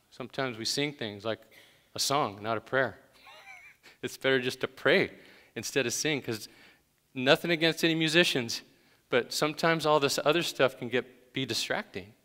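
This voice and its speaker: A man's voice: medium pitch, normal speed, pushed and bright. A man preaching a conversational sermon to a church congregation, stressing each command with emphasis. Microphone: handheld microphone. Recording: long hall reverb.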